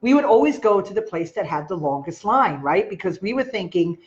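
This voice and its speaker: Very animated and fairly quick, this Long Island, New York–accented live-streamer chats loosely with his audience in a mid-range voice, filling his talk with filler words and calling out viewers by name. The audio sounds dull.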